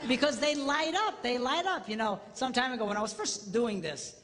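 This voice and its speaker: A man's voice: extremely high pitch, moderate pace, some chatter behind. A middle-aged man giving a comedic marriage talk, telling stories with mock voices and punchlines. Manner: animated storyteller who mimics voices, jokes and punchlines. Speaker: marriage seminar speaker. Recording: long hall reverb, faint noise.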